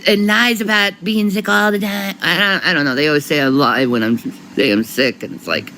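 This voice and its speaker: A woman's voice: on the low side, steady tone, normal speed, bright, forceful tone, slight background noise, low-quality recording. A woman vlogger talking straight to camera, short of breath, rambling and swearing with many restarts and bursts of laughter. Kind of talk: rambling casual vlog monologue.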